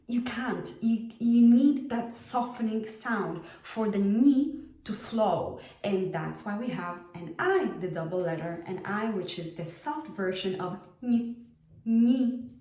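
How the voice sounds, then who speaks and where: A woman gives a pronunciation lesson at a slow, deliberate pace. She repeats each sound several times so learners can copy it. Her voice sits in the middle range, and the room adds a noticeable echo. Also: mid-range voice, lively intonation, darkish tone. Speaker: language teacher. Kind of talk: language lesson. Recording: roomy echo.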